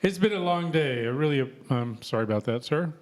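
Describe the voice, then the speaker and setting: A man's voice: a little high, expressive, a little fast. Laughing, chatty middle-aged host man. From Texas. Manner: laughs often, chatty and punchy. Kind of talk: casual live-stream interview.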